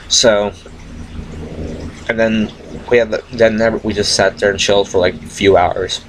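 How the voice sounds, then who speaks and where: A young man tells a loose, profane story in a laid-back, rambling way, full of restarts. His voice sits low. A faint hiss runs behind him. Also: steady tone, moderate pace, pauses often, rough recording. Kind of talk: rambling casual anecdote.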